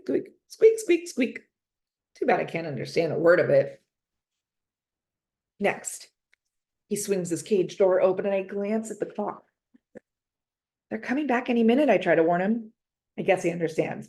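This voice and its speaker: A woman reading a children's chapter book aloud, gentle and expressive, in first person. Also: fairly low pitch. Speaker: reader. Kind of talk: storybook read-aloud.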